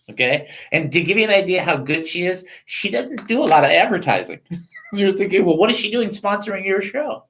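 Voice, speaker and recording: A middle-aged man hosting a casual talk radio show, joking and rambling in a self-mocking way and reading out phone numbers slowly. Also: fairly high pitch, sharp tone, a little hiss or hum, rough recording.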